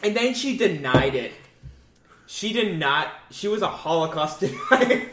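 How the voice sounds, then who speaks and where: A young man joins a casual chat with dry, teasing comments. His voice is lively and a bit high for a man. The room gives it a noticeable echo. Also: measured pace. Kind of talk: casual chat among friends. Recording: roomy echo.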